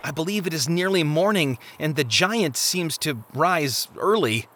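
A man's voice: on the high side, lively intonation, unhurried, fairly bright tone, slight background noise, voice pushed up. A man voicing a loyal, brave young male pilgrim in an audiobook, speaking earnestly. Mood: urgent. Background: music.

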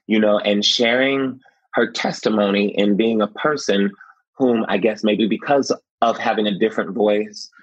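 Male actor guest, husky low voice, animated storyteller; dry, slightly muffled recording. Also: no echo. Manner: expressive, laughs often, acts out quotes.

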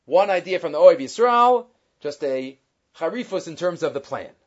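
A man's voice: a little high, expressive, normal speed, muffled recording. A man teaching a Torah class on the weekly portion, reading Hebrew texts and explaining them in English.

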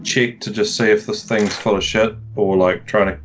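A man's voice: lowish voice, fairly even intonation, normal speed, dull audio, faint music behind. A man playing a tabletop game, talking casually and bluntly, with some swearing. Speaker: player.

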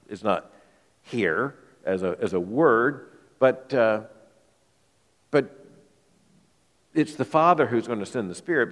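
A male pastor preaching an expository sermon to his congregation, emphatic, often repeating words as he thinks aloud. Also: mid-range voice. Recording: long hall reverb.

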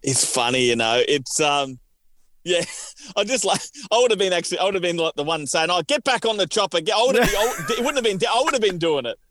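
A man chats loosely on a podcast, circling back through restarts. His voice sits slightly high for a man. The sound is dry and close. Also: animated, fast, a bit bright, no room sound. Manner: rambling with fillers and restarts, laughs often. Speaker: podcast co-host. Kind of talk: casual chat.

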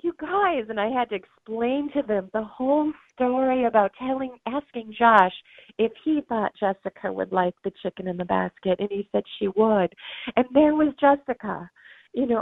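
Heard on a dry recording with a tinny phone quality, a middle-aged woman speaks in a fairly high voice. As an interview guest, this bereaved mother and author relates an emotional story with earnestness, voicing the people she quotes and laughing through tears.

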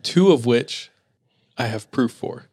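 A man hosting a podcast, telling ghost stories in a relaxed way with lots of filler words. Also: medium pitch, slow pace, husky, no echo, studio quality. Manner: relaxed, filler-heavy, laughs easily. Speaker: podcast host. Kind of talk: casual spooky storytelling.

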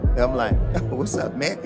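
A middle-aged man telling a story casually, profane and animated, acting out other people's voices. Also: medium pitch, slow. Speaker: hip hop artist. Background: music.

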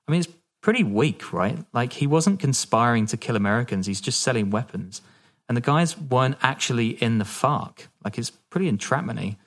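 A man's voice: on the low side, fairly bright tone. A man co-hosting a podcast, telling a story in a laid-back, casual way, laughing often and swearing now and then. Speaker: podcast co-host.

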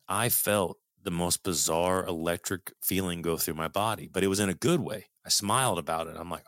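Middle-aged man, low smooth voice, dry close recording, earnest storyteller who swears freely. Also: moderate pace, fairly bright tone, no room sound. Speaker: guest telling a personal story. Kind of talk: casual storytelling.

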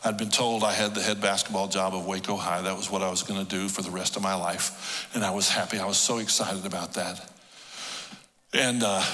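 A middle-aged male pastor preaching a sermon, telling stories with emotion that swings from hushed to loud. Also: deep voice, long reverb tail. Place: church hall.

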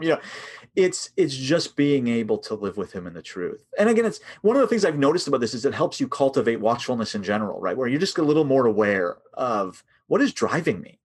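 Husky guy chatting about his book, voice jumps all over, laughs a lot. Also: mid-range voice, brisk. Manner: animated, laughs often, acts out prayers. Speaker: author and guest. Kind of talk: casual podcast conversation on prayer.

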